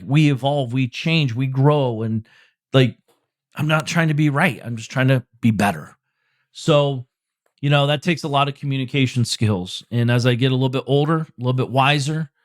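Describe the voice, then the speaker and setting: A man's voice: mid-range voice, dry recording, studio quality. Blunt, cursing man talking straight. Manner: loose, rambling delivery with restarts and "like", "you know". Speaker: podcast host. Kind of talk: solo podcast monologue.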